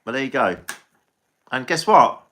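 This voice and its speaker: A man's voice: medium pitch, expressive, unhurried, fairly bright tone, a little hiss or hum. An English man chatting casually on a live stream as a tarot reader, rambling and swearing freely.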